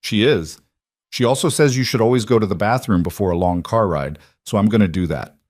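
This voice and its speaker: A man voicing a bright six-year-old girl who talks in a matter-of-fact, earnest way. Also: lowish voice, fairly quick, dry recording, studio quality, lightly acted.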